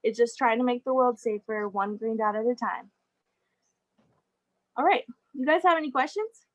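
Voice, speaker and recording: A woman's voice: on the high side, normal speed, poor audio. A young adult woman giving a casual talk as guest speaker, chatty, with frequent laughs and fillers. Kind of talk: casual presentation over a video call.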